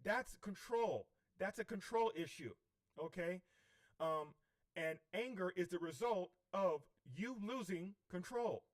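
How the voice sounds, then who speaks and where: In a livestream, a high-voiced man slowly teaches about spiritual healing. His coaching is preachy, and he keeps checking in with "okay?".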